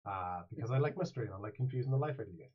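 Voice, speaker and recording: A man's voice: medium pitch, lively intonation, rapid-fire, slightly rough. A man running a tabletop game as game master, rambling and playful, often restarting his sentences, on a dull, lo-fi mic.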